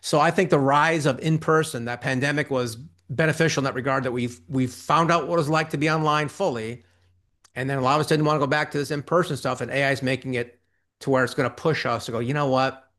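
A man talking as a guest on an interview show, animated and quick, acting out quoted reactions in between. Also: mid-range voice. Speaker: interview guest, ghostwriting business owner. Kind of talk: conversational interview.

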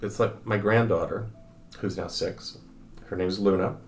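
An older man, a grandfather, telling stories in conversation, halting and repeating words, acting out the people in them. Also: low voice, steady tone, reverberant, slight background noise. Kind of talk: conversational storytelling.

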